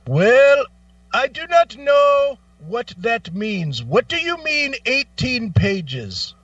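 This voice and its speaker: Guy doing a super polite confused indian-accent call-center agent, high and bouncy, kinda muffled. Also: sing-song, slow pace, a bit bright, no room sound, far from the mic, full character voice. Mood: baffled. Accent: Indian, put on. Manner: formal, overly polite, repeats phrases.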